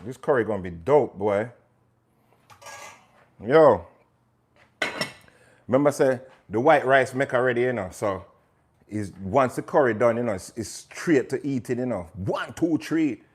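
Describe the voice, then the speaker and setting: A man's voice: mid-range voice, measured pace, long pauses, husky. A man with a Jamaican accent hosting a live cooking stream, chatting and joking with his viewers as he cooks. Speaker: chef hosting a livestream. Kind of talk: casual live cooking chat.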